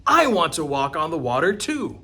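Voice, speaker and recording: A man's voice: medium pitch, expressive, takes it slowly, a bit bright. A man playing Peter, an impulsive adult male fisherman who blurts out his feelings in a raised voice, while retelling a Bible story. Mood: excited.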